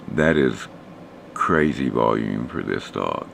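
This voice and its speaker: A man, hoarse and losing his voice, casually talking through stock charts for a live stream audience. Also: very deep voice, slow, a little hiss or hum. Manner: relaxed, rambling, talks to chat viewers.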